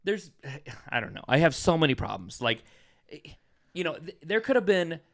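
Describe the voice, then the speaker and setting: A man's voice: fairly high pitch, moderate pace, gravelly. Casual male podcaster ranting about a movie. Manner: animated, exasperated ranting. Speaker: podcast co-host. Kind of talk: casual movie review chat.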